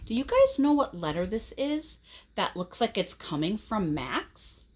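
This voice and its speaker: Reading aloud to children from a picture book, a woman with a medium-pitched voice performs the story expressively and breaks off to quiz her young listeners.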